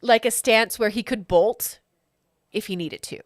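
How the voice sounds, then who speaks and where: A woman's voice: mid-range voice, moderate pace, no echo, clean studio sound. Chatty, laughing woman game master. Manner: chatty and self-mocking, laughing at herself. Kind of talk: narrating a tabletop game.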